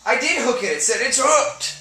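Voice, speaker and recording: A young man co-hosting a casual gaming video, joking and yelping excitedly as he plays. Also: very high voice, normal speed, recorded from a distance, slight background noise. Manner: jokey, excitable, yelps and laughs during play. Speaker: gameplay channel co-host. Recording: roomy, off-mic with game music.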